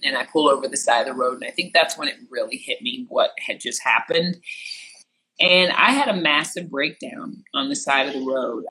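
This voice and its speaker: An entertainment interviewer from rural Missouri telling a personal story in a lively way, acting out what others said with sudden jumps in pitch. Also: moderate pace, slight background noise, rough recording. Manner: animated, acts out quotes with sharp jumps in pitch.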